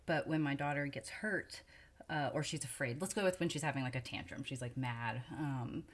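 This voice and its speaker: A woman co-hosting a casual parenting chat, speaking in a chatty, hedging way with many fillers. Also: rumbling low. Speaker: podcast co-host, mother.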